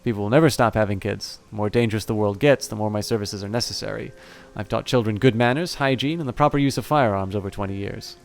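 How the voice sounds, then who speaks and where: A man voicing a small, fierce female orc who works as a nanny, speaking in a brisk, scolding way. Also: on the low side, gravelly. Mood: proud.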